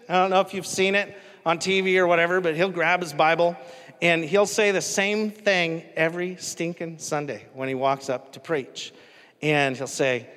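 A man's voice: fairly high pitch, fairly bright tone, big-room sound. A male pastor preaching a sermon in a casual, conversational way, often asking the congregation questions.

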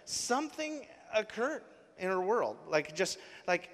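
A man's voice: sits high, big pitch swings, measured pace. A man preaching in a casual, earnest storytelling way, full of fillers and restarts. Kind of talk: sermon storytelling. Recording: long hall reverb.

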